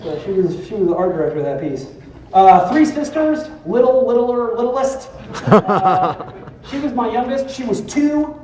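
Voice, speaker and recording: A man's voice: very high-pitched, sing-song, a little mellow. Guy doing a laid-back talk at a conference, swears a lot, lots of uhs, echoey hall, mic kinda far. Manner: loose and profane, many filler pauses. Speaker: designer presenting at a conference. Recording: roomy hall, distant mic, faint noise.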